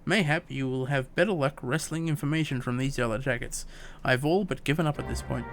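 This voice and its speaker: A man's voice: medium pitch, a little fast, soft background music, lightly acted. A man reading game dialogue aloud as a fussy, long-winded young woman scholar, stumbling over words. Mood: prim.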